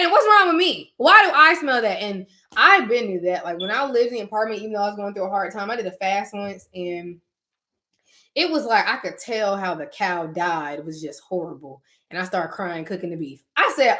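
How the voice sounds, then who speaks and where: A woman hosting her channel, chatting casually with viewers about spiritual matters. She tells stories in an animated way and acts out her own reactions. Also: mid-range voice. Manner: uses casual slang, talks directly to listeners. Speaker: channel host talking to viewers.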